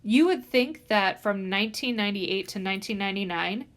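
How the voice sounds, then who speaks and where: A woman's voice: mid-range voice, a little fast. A woman instructor giving a recorded statistics lecture, explaining step by step with frequent "um" fillers and stressing key words.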